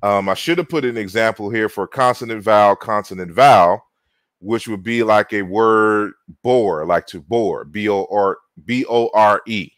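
Slow, halting male lecturer. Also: on the low side, no echo. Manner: halting, many fillers and repeated words. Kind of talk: slide-based lecture.

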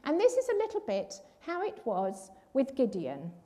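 Older lady telling a church testimony, high soft mellow voice, really earnest. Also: wildly swooping pitch, normal speed. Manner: earnest storytelling, acts out quoted voices. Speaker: church speaker giving a testimony. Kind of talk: personal testimony.

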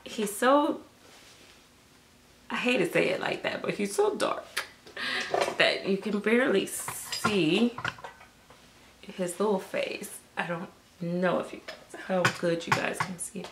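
A woman chatting casually to camera about her reborn dolls, rambling and soft-spoken. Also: mid-range voice, expressive, slow, pauses often, a little hiss or hum. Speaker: reborn doll collector. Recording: echoey room.

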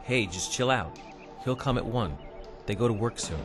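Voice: mid-range voice, animated, normal speed, soft background music, close to an everyday voice. An actor voicing a tough, blunt teenage street kid who swears, in a dubbed drama. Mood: wary.

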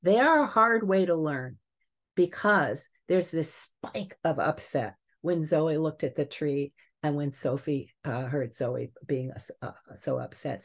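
An older woman, a family psychologist, giving a webinar lecture and telling lively case stories. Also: deep voice. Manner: lively storytelling, chuckles at examples.

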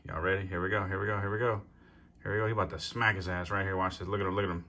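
Vlog host, male, lowish pitch, slangy, excitable, swears freely. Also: very fast, a little hiss or hum. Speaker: channel host. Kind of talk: casual vlog narration.

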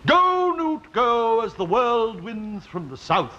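A pompous fussy bishop. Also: male voice, very high voice, very animated, takes it slowly, pushed and bright, full character voice. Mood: anguished. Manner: pompous, flustered, grandly quoting scripture. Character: pompous fussy middle-aged male bishop. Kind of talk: 1960s studio sitcom acting. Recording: muffled old TV recording with faint hiss.

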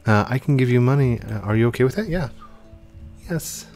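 Excitable young man narrating gameplay. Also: mid-range voice, a little fast, soft background music. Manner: chatty and excitable, often gasping and exclaiming. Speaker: gaming channel host. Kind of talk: live gameplay commentary.

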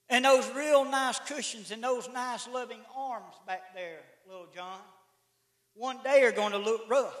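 High bright-voiced preacher, echoey church. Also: male voice. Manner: folksy, rising to shouted emphasis, calls out to the congregation. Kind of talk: sermon. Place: church sanctuary.

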